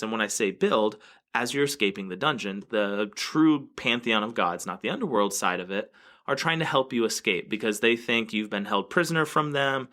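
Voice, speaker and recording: A man's voice: lowish voice, normal speed, sharp tone. A man co-hosting a casual game review podcast, explaining at length with fillers and restarts. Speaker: podcast co-host.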